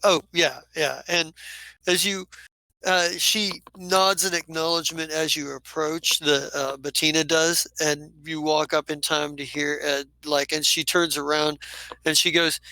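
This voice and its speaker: A game master narrating a tabletop scene with halting, filler-heavy phrasing. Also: medium pitch, little pitch movement, sharp tone, no echo, rough recording.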